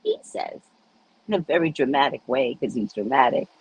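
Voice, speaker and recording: A woman's voice: quick pace, breathy edge, low-quality recording. A woman host telling stories in a casual chat, blunt and profane, laughing often and acting out the dialogue. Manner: acts out dialogue with big pitch swings. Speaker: podcast host.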